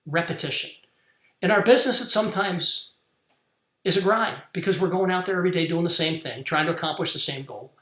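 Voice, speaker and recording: A man's voice: high-pitched, bright, forceful tone. A man hosting a podcast, giving an earnest motivational business talk. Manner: earnest, preaching, deliberate. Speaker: podcast host. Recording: roomy echo.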